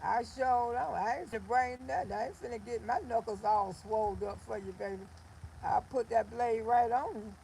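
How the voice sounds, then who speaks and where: An older woman hosting a livestream, talking casually in a blunt, animated storytelling way. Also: on the high side, moderate pace, gravelly, slight background noise, rough recording. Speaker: livestream host.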